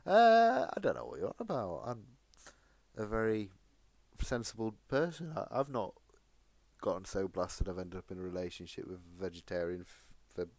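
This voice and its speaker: A man's voice: on the low side, sing-song, normal speed, darkish tone, dry recording. A man, co-hosting a casual podcast with joking, laughing asides. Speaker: podcast co-host. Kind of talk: casual chat.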